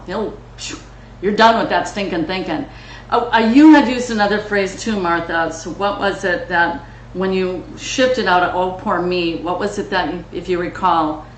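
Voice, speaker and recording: A woman's voice: on the low side, reverberant, slight background noise, low-quality recording. A woman hosting a business coaching session, speaking frankly and with motivational emphasis. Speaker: host. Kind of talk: coaching talk.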